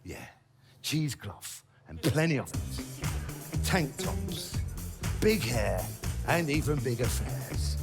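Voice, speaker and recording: Middle-aged bloke spinning funny stories, wry and cheeky. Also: male voice, medium pitch, very animated, slow, pauses often, music in the background. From London. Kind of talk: comic storytelling monologue.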